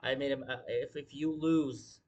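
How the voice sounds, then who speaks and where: A man riffing on a wrestling show in a loose livestream, swearing freely and hammering the same point again and again. His pitch sits in an ordinary middle range for a man. The delivery is unscripted and emphatic. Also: steady tone, normal speed, dull audio. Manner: profane, emphatic, repeats himself. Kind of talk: casual livestream commentary.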